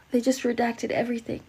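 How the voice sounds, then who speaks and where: Slow, gravelly young woman streamer. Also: on the high side. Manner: emotional, exclaiming, slangy. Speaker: livestreamer. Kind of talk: casual livestream commentary.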